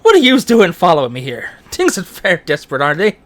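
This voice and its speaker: A streamer voicing a loud, pushy, generous middle-aged Irish man in an Irish accent, with laughter breaking in between lines. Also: medium pitch, wildly swooping pitch, quick pace. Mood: boisterous. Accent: Irish, put on.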